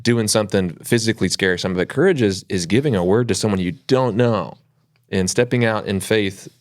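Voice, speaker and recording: A man's voice: lowish voice, brisk. A man co-hosting a podcast, reflecting on a story in casual chat and tying ideas together. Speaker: podcast co-host.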